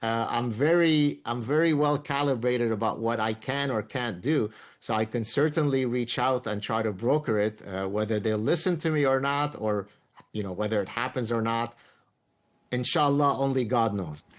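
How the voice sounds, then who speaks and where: A man's voice: medium pitch, normal speed. Emphatic professorial man from Lebanon. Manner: emphatic, professorial, explains with examples. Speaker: guest. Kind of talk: interview answers.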